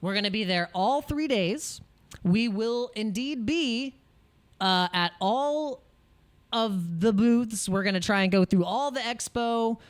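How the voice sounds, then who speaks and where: A man's voice: sits high, takes it slowly, clear, resonant tone. An American man hosting a crypto livestream in casual chat, rambling and joking, with frequent laughs and restarts, jittery from espresso. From United States.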